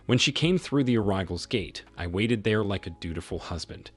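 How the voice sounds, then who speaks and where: A middle-aged man tells his own story in a low, husky voice, with plenty of movement in pitch. His tone is dry and faintly sarcastic, and faint music runs under the narration. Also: expressive, normal speed. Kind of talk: scripted narration.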